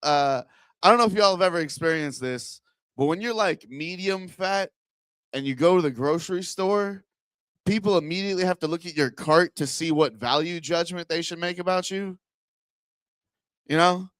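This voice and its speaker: Giggly stand-up comic man, crisp and close. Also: sits high, normal speed, fairly bright tone, dry recording. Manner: rambling, laughs at his own jokes. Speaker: stand-up comedian. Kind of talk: stand-up set with crowd work. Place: comedy club stage.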